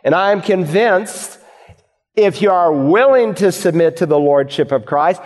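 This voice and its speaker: Guy preaching a bible sermon, kinda high voice, big echoey church sound. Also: lively intonation, measured pace, a little mellow. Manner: earnest, emphatic Bible exposition with rhetorical questions. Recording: hall reverb.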